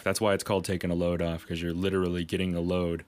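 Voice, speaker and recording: A man's voice: sits low, little pitch movement, fast talker, clear, resonant tone. A man co-hosting a podcast, telling rambling stories in casual chat, swearing freely and laughing at himself. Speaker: podcast co-host.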